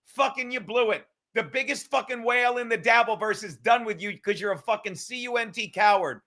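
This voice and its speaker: A man's voice: high voice, brisk, bright, forceful tone. A man hosting a livestream, ranting and mocking in a profane, combative way. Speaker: livestream host.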